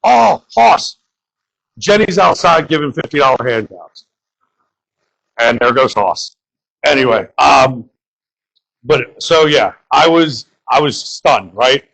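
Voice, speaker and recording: A man's voice: medium pitch, slow, creaky, pauses often, fairly bright tone, poor audio. A young man from the Bronx doing crude, rambling open-mic stand-up and talking to the crowd. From New York (the Bronx). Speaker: stand-up comedian.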